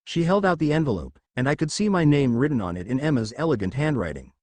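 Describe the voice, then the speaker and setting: A man reading a fan fiction story aloud, his pitch rising and falling expressively. The recording is dry and close, with no room sound. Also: lively intonation, fast, darkish tone, no room sound. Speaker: narrator.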